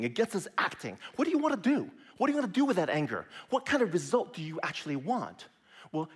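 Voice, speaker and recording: Lively conversational male preacher. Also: a little high, breathy edge. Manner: lively, conversational preaching with sudden soft drops. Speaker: pastor. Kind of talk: sermon.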